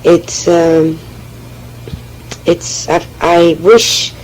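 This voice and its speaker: A woman with a French accent, speaking haltingly and often restarting as she tells her personal oral history. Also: fairly low pitch, level tone, a little mellow, a little hiss or hum, rough recording. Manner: hesitant, halting, with frequent restarts. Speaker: memoir speaker.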